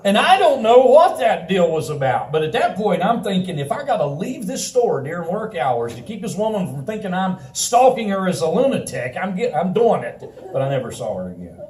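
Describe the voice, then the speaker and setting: Male preacher, high voice, conversational sermon, laughs often, echoey room. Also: big pitch swings, a little fast, few pauses, a little mellow. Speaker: pastor. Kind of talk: sermon with personal anecdote. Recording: roomy sound from a distant mic.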